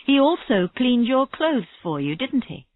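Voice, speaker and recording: A woman reading the part of a persistent female detective who questions a suspect, speaking slowly and steadily. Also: high-pitched, big pitch swings, voice pushed up. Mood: probing. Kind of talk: reading a graded story aloud. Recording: tinny phone-like audio, dry.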